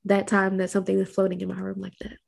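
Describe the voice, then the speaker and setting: A woman co-hosting a podcast, telling a personal story in a lively, casual way and acting out quotes. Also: fast talker, gravelly. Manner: lively, acts out quotes in a high voice. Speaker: podcast co-host.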